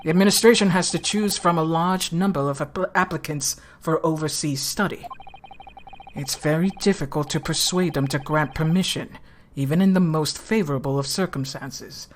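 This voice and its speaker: A woman voicing a grave, calm older gentleman in a put-on British accent, speaking softly and slowly as she reads game dialogue aloud. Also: low-pitched, a little hiss or hum, natural voice. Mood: solemn. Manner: soft, slow and solemn.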